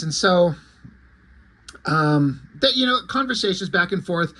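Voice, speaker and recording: A man's voice: high voice, expressive, measured pace, long pauses, pushed and bright. A man casually recapping a comic book issue in a loose, chatty way with plenty of fillers.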